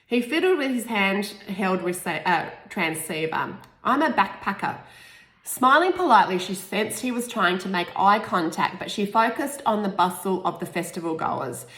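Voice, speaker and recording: A woman's voice: medium pitch, animated, moderate pace, hardly any pauses, fairly bright tone. A woman reading her own novel aloud in an informal way, with restarts and small asides. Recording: echoey room.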